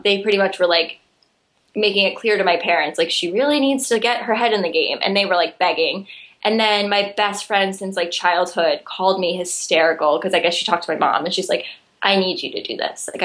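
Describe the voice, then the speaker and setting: A woman's voice: medium pitch, a bit bright. A young woman talking candidly and earnestly about a hard personal experience, her voice sometimes catching with emotion. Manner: earnest, emotional, trails off into laughter. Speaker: guest sharing recovery story. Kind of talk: candid conversation.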